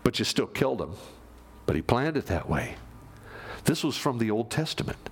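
A man preaching a sermon, animated, moving from loud emphasis down to near-whispers. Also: mid-range voice, normal speed, slightly rough. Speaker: pastor.

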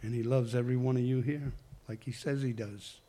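A man's voice: medium pitch, steady tone, brisk, dark tone. A man giving a personal testimony to a congregation, talking conversationally in a rambling way and correcting himself as he goes. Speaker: church member giving testimony.

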